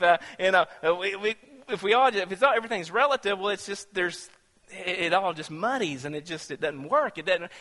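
A man's voice: high-pitched, pushed and bright, in a large hall. A man preaching a sermon in a chatty, questioning way, often restarting his sentences. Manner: conversational, asks the congregation questions, many restarts. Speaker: pastor.

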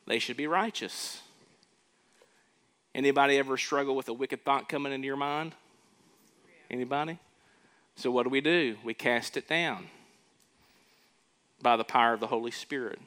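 A man's voice: medium pitch, a little slow, pauses often, pushed and bright. A man preaching a sermon, emphatic and questioning his congregation, repeating words as he builds each point. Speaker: pastor.

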